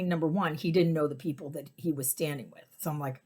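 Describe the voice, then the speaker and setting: Low husky woman telling a rambling story. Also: fast. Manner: rambling, with restarts and whispered asides. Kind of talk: casual personal anecdote.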